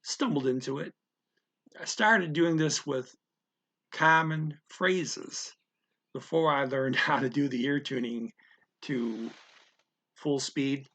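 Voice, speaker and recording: A man walks through a language lesson one step at a time. His voice is gravelly and bright, and he keeps checking in with listeners as he explains. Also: medium pitch, slow, long pauses. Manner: explains step by step, often checks with "okay?" and "right?". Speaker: language teacher. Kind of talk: casual spoken language lesson.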